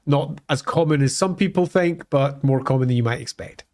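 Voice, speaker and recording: A man's voice: mid-range voice, moderate pace, darkish tone. A man co-hosting a live lore stream, explaining at length with fillers and restarts. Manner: explanatory, thinks aloud with fillers. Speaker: co-host.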